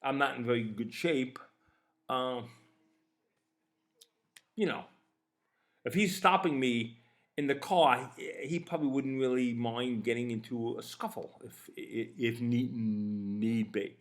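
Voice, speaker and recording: A man in his fifties casually telling a personal story, animated and swearing as he acts out both sides of the exchange. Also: mid-range voice, slow pace, long pauses. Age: 50s. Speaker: podcast host.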